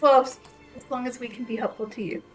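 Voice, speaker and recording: A woman's voice: fairly high pitch, fairly even intonation, fast, soft background music. A woman playing in a tabletop game who slips into a polite, formal tone in character. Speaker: player. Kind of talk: tabletop role-play.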